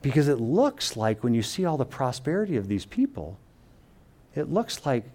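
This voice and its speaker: A man's voice: mid-range voice, sing-song. Man preaching, restarting as he thinks. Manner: thinks aloud with restarts and paraphrased quotes; reads scripture slowly and quietly. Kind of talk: sermon teaching.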